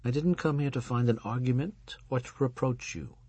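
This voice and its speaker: A man's voice: mid-range voice, warm tone, breathy edge, no room sound, pitched above the performer's own voice. A man voicing an older rabbi and husband, stern and commanding, speaking in a lofty, preaching manner. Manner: lofty, preaching, slow on emphasis.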